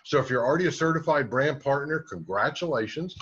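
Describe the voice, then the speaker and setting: A man's voice: medium pitch, expressive, brisk, a bit bright, breathy edge, highs cut off. A man giving a motivational sales training talk, coaching listeners directly.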